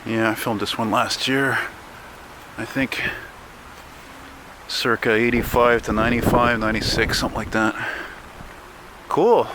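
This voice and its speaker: Walking through the city on a windy day, a vlogger talks casually to his camera, grumbling and swearing. His mid-range voice has fairly even intonation and a measured pace with frequent pauses, and the handheld mic picks up wind and traffic.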